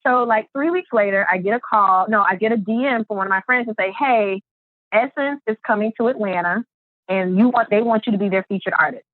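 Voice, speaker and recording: A woman guest on a podcast, telling her story in an animated way and acting out the quotes. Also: medium pitch, a little fast, no echo. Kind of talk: storytelling interview. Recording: tinny phone-line sound.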